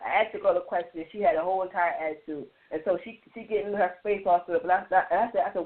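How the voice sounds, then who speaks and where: A woman on a radio panel, telling stories with lively restarts and lots of "like". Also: fairly low pitch, rapid-fire, few pauses. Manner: animated storytelling with many restarts and repeated "like". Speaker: roundtable panelist. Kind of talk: casual radio panel chat. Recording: tinny phone-line sound.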